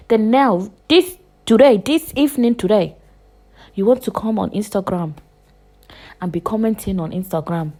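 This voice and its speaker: A woman in her twenties hosting a podcast, delivering a heated, profane rant full of repetition, with loud bursts and hushed asides. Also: medium pitch, lively intonation, moderate pace. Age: 20s. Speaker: podcast host. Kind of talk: casual podcast monologue.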